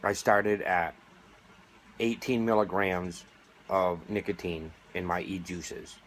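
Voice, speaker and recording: A middle-aged American man, a vaping advocate, makes a sarcastic, indignant plea directly to camera. His deep voice is steady and fairly bright, he speaks slowly, and there's a little hiss or hum.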